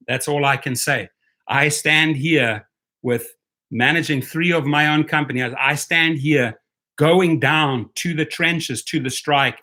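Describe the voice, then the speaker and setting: Bright-voiced man rallying his viewers. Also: medium pitch. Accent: non-native English. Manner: passionate, rallying, repetitive. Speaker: rideshare YouTube host. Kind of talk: live-stream talk to viewers.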